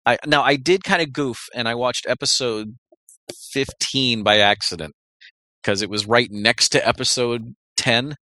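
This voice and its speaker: A man's voice: medium pitch, unhurried, bright, forceful tone, no room sound. A man co-hosting a casual chat show, rambling with many restarts and frequent laughs. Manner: rambling, self-interrupting, laughs often. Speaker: podcast co-host.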